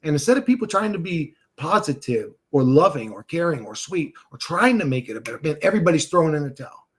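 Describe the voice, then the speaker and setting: A man's voice: fairly high pitch, big pitch swings, fast talker, slightly rough. Agitated, profane man ranting on stream. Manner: agitated, profane, talks back to chat comments. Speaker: livestream host reading chat. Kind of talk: casual livestream rant.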